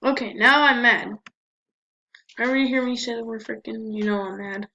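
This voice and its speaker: Fairly high-pitched and moderately paced, a gameplay commentator chats casually to herself during a let's-play. The mic sounds dull and lo-fi, with a faint layer of noise.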